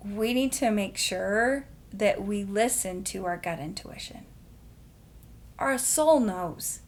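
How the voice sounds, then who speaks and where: A woman hosting a podcast, telling a story in a casual, animated way and laughing often. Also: mid-range voice. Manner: animated, laughs often, acts out quoted voices. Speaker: podcast host.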